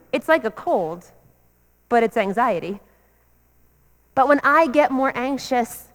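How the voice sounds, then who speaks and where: Woman, pastor, earnest repetitive sermon cadence, high voice, echoing sanctuary. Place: church sanctuary. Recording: long church reverb.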